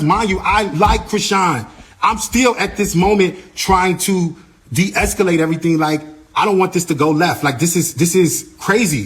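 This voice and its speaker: A man working as a tour manager, telling what happened in a casual, animated way, often repeating himself and acting out what others said. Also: high-pitched. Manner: animated, repeats himself, acts out quoted voices. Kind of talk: casual storytelling account.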